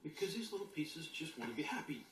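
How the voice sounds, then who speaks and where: A spiritual teacher giving an emphatic, animated motivational talk to an audience, sometimes acting out inner voices with sudden shouts. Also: mid-range voice, quick pace, a little hiss or hum. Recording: roomy echo with faint ambience.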